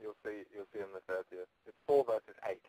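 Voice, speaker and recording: A man's voice: on the low side, fast talker, warm tone, no echo, poor audio. A man talking casually as an interview guest, rambling and joking, with frequent restarts and laughs. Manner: rambling, jokey, stammers and restarts. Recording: radio call-in.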